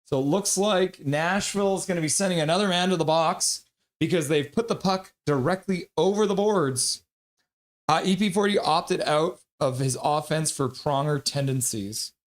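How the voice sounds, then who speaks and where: A man's voice: fairly high pitch, moderate pace. A man casually calling a hockey game play-by-play on a live stream, reading chat and laughing along. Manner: chatty, reads chat messages aloud, laughs often.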